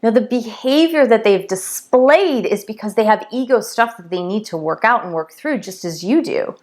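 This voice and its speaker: A woman's voice: fairly high pitch, lively intonation, normal speed. A woman giving an earnest spiritual teaching, retelling a parable and stressing her points through repetition.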